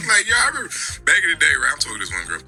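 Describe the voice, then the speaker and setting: Gravelly, animated male comedian. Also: on the high side, rapid-fire, faint music behind. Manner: animated, punchy delivery. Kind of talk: stand-up comedy storytelling.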